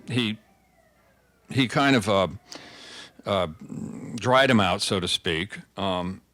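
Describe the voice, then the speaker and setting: A man's voice: on the low side, a bit bright, no room sound. An older man telling stories as a guest speaker, chatty and conversational, often restarting his sentences. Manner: conversational storyteller, frequent restarts. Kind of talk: anecdotal talk.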